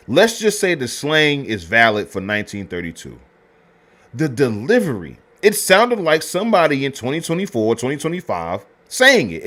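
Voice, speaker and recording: A man's voice: medium pitch, fairly bright tone. A man hosting a history show, reviewing a film in loose, casual talk full of slang, fillers and restarts.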